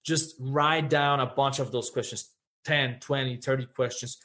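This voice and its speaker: A man with a mid-range voice talks earnestly and reflectively as a podcast guest. He often checks in with a quick "right?" as he speaks. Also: mid-range voice, fairly even intonation, bright, forceful tone. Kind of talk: candid podcast conversation.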